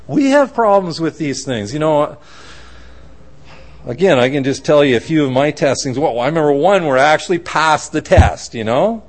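Guy preaching, kinda high voice, acts out little voices in his stories. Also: moderate pace. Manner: animated storytelling, acting out voices. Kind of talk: sermon.

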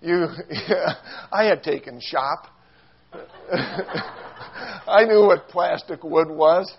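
Man, preacher, sermon storytelling, animated, self-mocking, slightly high voice, muffled lo-fi recording. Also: very slow, noisy background. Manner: animated, self-mocking, acts out quotes with squeals and shouts.

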